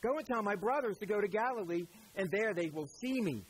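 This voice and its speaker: A man preaching a sermon as pastor, animated and conversational, with a Southern American accent, sometimes dropping to quiet emphatic lines. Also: sits high, brisk, slight background noise, low-quality recording.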